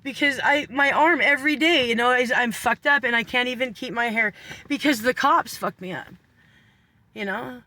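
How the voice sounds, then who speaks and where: A man with an extremely high, bright, forceful voice speaks at normal speed as a vlogger. He rambles through a story while laughing, swearing constantly, and cracking sarcastic asides.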